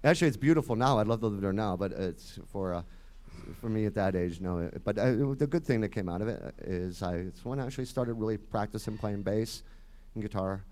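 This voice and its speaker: A man's voice: fairly low pitch, fairly quick. A man in his fifties from the Detroit area with a Michigan accent, a musician chatting at length as an interview guest, his voice a little nasal. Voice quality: slightly nasal. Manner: rambling, chatty, trails off quietly. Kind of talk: casual chat.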